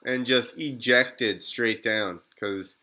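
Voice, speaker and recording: Man, podcast host, bright voice, easygoing, casual chat. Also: mid-range voice, takes it slowly, rough recording. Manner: easygoing, laughs along, asks questions.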